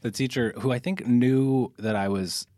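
A man's voice: mid-range voice, fairly even intonation, darkish tone, no echo, studio quality. A young man hosting a podcast, talking reflectively in a casual interview and stopping often to restart his sentences. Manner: reflective, halting with many restarts, laughs easily. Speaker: podcast host.

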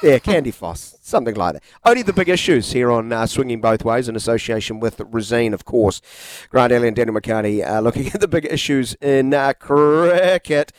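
A man's voice: medium pitch, expressive, a little fast, dry recording. A man with a New Zealand accent co-hosting a cricket talk show in a playful, presenter-like way. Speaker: co-host. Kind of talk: casual sports chat.

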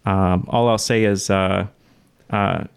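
A man hosting a trivia podcast in casual chat, halting with many fillers and frequent laughs. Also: deep voice, steady tone, vocal fry, clean tone. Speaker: podcast host.

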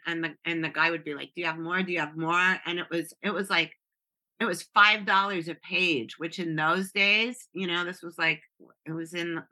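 A woman's voice: fairly low pitch, pushed and bright. A woman in her sixties, a guest telling stories in casual chat, often laughing and restarting her sentences.

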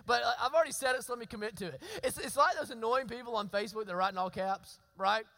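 A man's voice: extremely high pitch, fast, sharp tone. A male pastor preaching a sermon in a church, talking conversationally, repeating his phrases and asking the congregation questions. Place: church sanctuary. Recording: long hall reverb.

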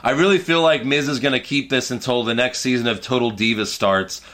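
A man's voice: mid-range voice, fairly quick, fairly bright tone. A man co-hosting a casual podcast chat, recapping events in a laid-back, joking play-by-play way. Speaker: podcast co-host recapping wrestling.

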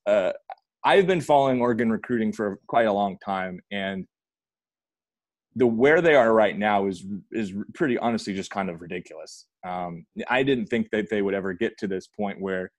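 A man's voice: on the low side, dry recording. A man hosting a casual sports talk show, talking in a chatty, rambling way and often correcting himself mid-sentence. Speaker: podcast host.

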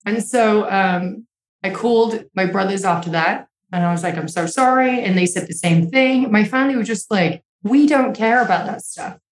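A woman's voice: mid-range voice, moderate pace. Frank young woman, echoey room. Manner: emotional, swears freely, many "like" fillers. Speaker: interview guest. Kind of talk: candid conversational storytelling.

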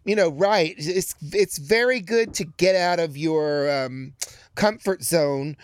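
A drag performer co-hosts a casual podcast, talking quickly and making dry, teasing jokes. The voice sits at a middle pitch. It is recorded close and dry, with no room sound. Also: clear, resonant tone, no room sound.

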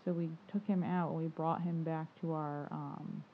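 A woman with a fairly low voice rambles casually, filling her sentences with "like" and laughing easily. The sound is narrow and phone-like, with a faint hiss underneath. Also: steady tone, moderate pace. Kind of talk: casual chat. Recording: tinny phone-like line with faint noise.

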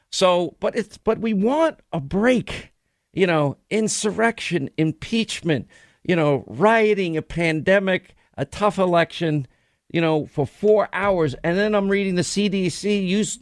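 A man's voice: high voice, no echo. A man hosting a talk radio show, delivering a rambling, emphatic, conversational monologue into a studio microphone.

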